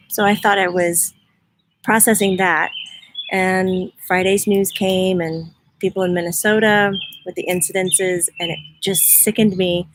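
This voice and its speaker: A woman's voice: lowish voice, slight background noise. A woman hosting a casual livestream outdoors in her front yard, chatting and greeting viewers by name. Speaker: host, spiritual medium.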